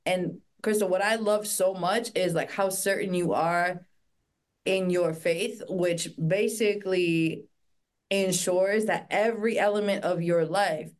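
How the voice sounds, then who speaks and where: A woman's voice: fairly low pitch, steady tone, measured pace. Gushing woman podcast host. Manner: gushing, enthusiastic. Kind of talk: casual interview talk.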